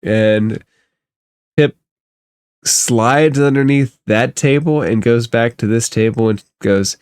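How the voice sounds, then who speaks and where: A man's voice: medium pitch, slow, darkish tone, clean tone, no room sound, clean studio sound. A man narrating a tabletop game as game master, easygoing and descriptive.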